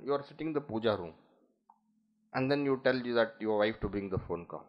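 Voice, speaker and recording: A man's voice: medium pitch, fairly quick, lo-fi sound. A man with an Indian English accent giving a spiritual discourse on scripture, telling stories and acting out the people in them. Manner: animated storytelling, acts out quoted voices.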